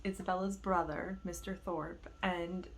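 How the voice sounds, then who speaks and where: Speaking low, steady, and unhurried, a woman runs a casual reading vlog. This book vlogger gushes about her current reads in a chatty way, peppering everything with "like."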